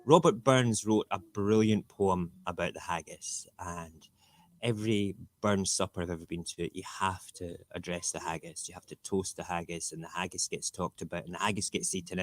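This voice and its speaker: A man hosting a casual morning livestream from his dinner table, chatting in an animated way, repeating himself, and reading rhyming verse with relish. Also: low-pitched, normal speed, no room sound. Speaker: livestream host. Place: home dinner table, TV cartoons in the background.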